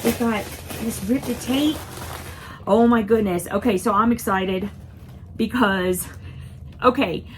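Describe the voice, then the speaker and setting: A woman's voice: fairly high pitch, slow pace, pauses often, a little hiss or hum. A woman unboxing a cat subscription box, gushing, giggling and baby-talking to her cats.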